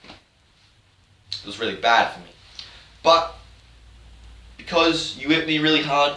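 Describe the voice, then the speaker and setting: A sheepish male pirate who talks in a meek, apologetic way, with a bright and slightly forceful tone, as a man puts him on. The recording is roomy and distant, with faint hiss behind it. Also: fairly high pitch, lively intonation, slow, pitched above the performer's own voice, exaggerated voice.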